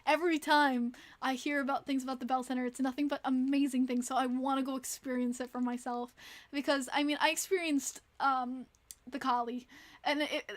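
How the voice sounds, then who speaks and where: A woman hosting a casual livestream, chatting and reacting to viewer messages with quick exclamations. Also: sits high. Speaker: livestream host.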